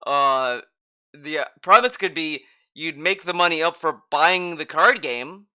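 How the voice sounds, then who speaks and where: A man's voice: on the high side, a little slow, sharp tone, smooth. A man reacting to a stream clip, mocking and sarcastic, swearing freely as he comments.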